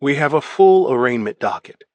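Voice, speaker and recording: A man voicing a brisk, stern woman federal judge in an audiobook. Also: medium pitch, lively intonation, darkish tone, no echo, muffled recording, natural voice. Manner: curt and commanding.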